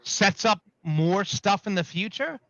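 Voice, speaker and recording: A man's voice: high-pitched, expressive, measured pace, a bit bright, no echo, dull audio. A man hosting a casual wrestling talk show, rambling and correcting himself as he steers the discussion. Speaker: podcast host.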